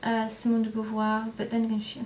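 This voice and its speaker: A woman's voice: fairly high pitch, completely flat delivery, brisk, a little mellow, a little hiss or hum. A young woman vlogger answering viewer questions in a casual, rambling way, with lots of hesitations and restarts. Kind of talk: casual chat to camera.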